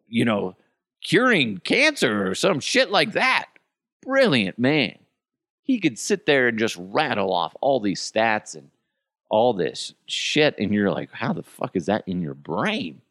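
Profane man roasting coworkers, animated. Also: mid-range voice, takes it slowly, dry recording, studio quality. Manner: mocking, profane, breaks into impressions. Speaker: podcast host. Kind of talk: profane comedic monologue.

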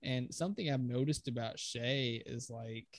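A man's voice: mid-range voice, moderate pace, no room sound. Chatty man talking basketball, dry sound. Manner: conversational, steers the talk, recites stats. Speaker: podcast co-host. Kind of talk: casual sports chat.

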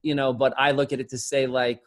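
A middle-aged man chatting casually as a host, rambling and animated, swearing freely and mimicking other people's voices. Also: medium pitch, a little fast. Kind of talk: casual chat.

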